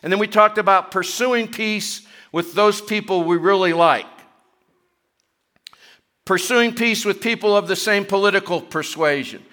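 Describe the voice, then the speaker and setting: A middle-aged man preaching a sermon, chatty with joking asides, growing louder and higher when he reads and presses scripture. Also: a little slow. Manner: chatty, self-deprecating asides between scripture readings; rising in pitch and force when reading and pressing scripture. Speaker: pastor.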